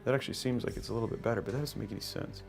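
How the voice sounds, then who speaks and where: A man's voice: medium pitch, racing, vocal fry, over music. A man hosting a PC-building livestream, thinking aloud as he works, trailing off and restarting his sentences and reading out viewer messages. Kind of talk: casual livestream chat while building a PC.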